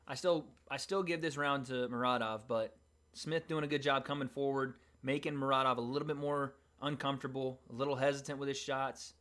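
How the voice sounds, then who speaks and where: A man hosting a livestream, giving casual, excited play-by-play and reactions to a fight. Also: mid-range voice. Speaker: livestream host. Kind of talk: live fight commentary and reaction.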